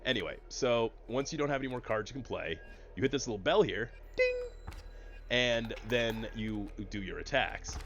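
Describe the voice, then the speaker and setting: A gaming streamer with a mid-range, slightly bright voice speaks expressively at normal speed while playing a card game. Over a headset mic he chats casually and explains the rules to his chat, with slight background noise behind him.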